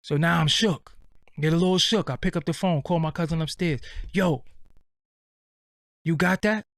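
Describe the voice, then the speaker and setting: A streetwise man tells a rambling comic story, swearing freely in a blunt, unfiltered way. His voice sits a little high for a man, and the sound is close and dry with no room ring. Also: fairly even intonation, brisk, a bit bright, no echo. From Brooklyn, New York. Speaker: show host. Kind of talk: profane comedic storytelling.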